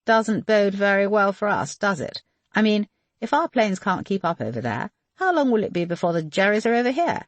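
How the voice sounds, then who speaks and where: A woman voicing a cheerful, teasing young male RAF pilot who banters with his friend, lively in pitch. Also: moderate pace, no echo, natural voice.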